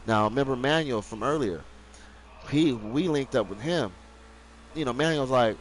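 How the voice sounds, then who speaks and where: A man's voice: medium pitch, moderate pace, long pauses, slight background noise, poor audio. A young man streaming live, telling a rambling story in casual, profane slang.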